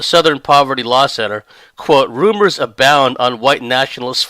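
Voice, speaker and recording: Sardonic man with a bright, crisp voice. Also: mid-range voice, dry recording. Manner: rambling, sardonic, breaks into laughter. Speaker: podcast commentator. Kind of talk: monologue commentary.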